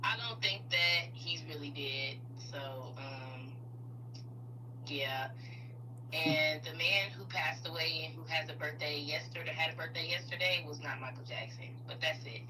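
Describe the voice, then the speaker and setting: A woman calling in and chatting casually in a relaxed, matter-of-fact way. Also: low-pitched, measured pace, recorded from a distance, background noise. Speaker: caller. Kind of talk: casual phone chat.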